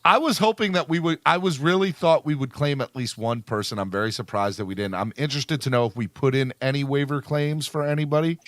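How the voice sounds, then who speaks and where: A man's voice: medium pitch, fast, few pauses, a bit bright, dry recording. A man hosting a casual sports podcast, reading out news updates and laughing along with his co-hosts. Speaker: podcast host.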